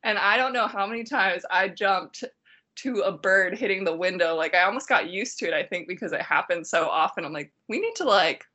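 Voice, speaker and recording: A woman's voice: on the low side, fairly quick, bright, forceful tone. A woman who works as a dental hygienist, a guest on a podcast, chatting casually and poking fun at herself. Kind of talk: casual chat.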